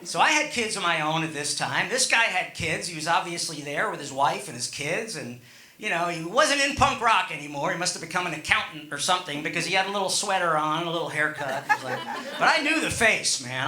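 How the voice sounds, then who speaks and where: A man's voice: fairly high pitch, lively intonation, brisk, pushed and bright, roomy sound. A middle-aged man doing stand-up, telling a rambling story with chuckles and many fillers. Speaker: stand-up comedian.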